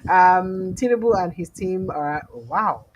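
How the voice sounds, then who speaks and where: A woman's voice: lowish voice, animated, takes it slowly, a little hiss or hum, low-quality recording. A woman with a Nigerian accent hosting a live call-in show, chatting casually, reading out viewer comments and slipping into pidgin. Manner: chatty, reads viewer comments aloud, laughs, switches into pidgin.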